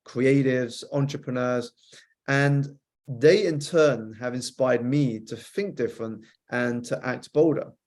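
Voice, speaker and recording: A man speaks as an interview guest at a mid pitch, telling his story in a measured, reflective way. He lists things off one by one and fills pauses with uh's. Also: a little mellow. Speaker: coach and author, podcast guest.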